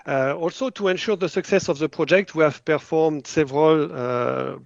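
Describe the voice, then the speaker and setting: A man's voice: a little high, moderate pace, gravelly, no room sound, muffled recording. A man with a French accent, a biotech company head, answering in a podcast interview, hesitant and full of fillers. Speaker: biotech company CEO, guest.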